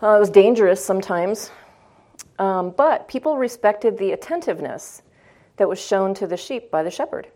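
A woman's voice: medium pitch, expressive, normal speed, dark tone. Woman giving an informal Bible lesson. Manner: informal, checks in with listeners, repeats phrases for emphasis. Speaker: Bible study teacher. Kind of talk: conversational scripture teaching.

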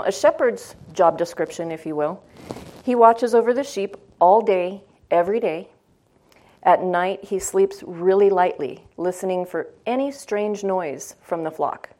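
A woman leads a relaxed scripture lesson in a mid-pitched voice. She talks to her group as if chatting, often asking whether they follow her. She repeats key phrases, shifting the stress to draw out their meaning. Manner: informal, checks in with listeners, repeats phrases for emphasis. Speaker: Bible study teacher. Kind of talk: conversational scripture teaching.

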